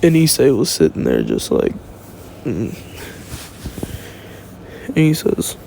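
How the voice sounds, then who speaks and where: A man's voice: mid-range voice, wildly swooping pitch, slow, creaky, long pauses, mellow, slight background noise. A young man casually making up a fan-fiction story as he goes, rambling and thinking aloud, recorded on his phone.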